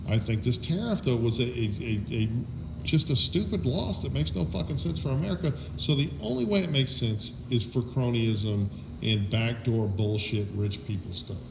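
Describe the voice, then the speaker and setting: A man's voice: mid-range voice, noisy background. A middle-aged man hosting a casual political chat, talking bluntly and swearing freely as he rants his opinions. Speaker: podcast host.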